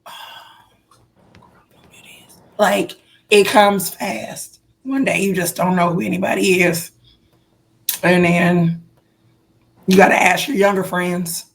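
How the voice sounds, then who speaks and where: A woman co-hosting a casual podcast chat, voice going hoarse, animated with playful exaggerated reactions. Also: on the low side, slow, pauses often, slight background noise. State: losing her voice. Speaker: podcast co-host.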